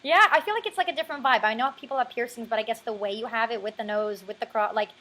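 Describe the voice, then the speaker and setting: A woman's voice: on the high side, very fast, pushed and bright, a little hiss or hum, poor audio. An American woman interviewing a guest, bubbly and giggly, filling her questions with "like". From United States. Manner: bubbly, giggly, uses lots of "like". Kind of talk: casual interview chat.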